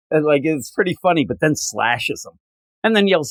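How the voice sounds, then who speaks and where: A man's voice: a little high, expressive, brisk, no echo. A man co-hosting a podcast, casually retelling comic book scenes and acting out the characters' lines. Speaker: podcast co-host.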